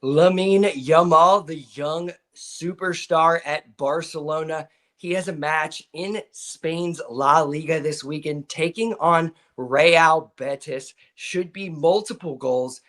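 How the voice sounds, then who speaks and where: A man's voice: fairly high pitch, takes it slowly, few pauses, a bit bright. A man on a live sports betting show, explaining his soccer picks with enthusiasm.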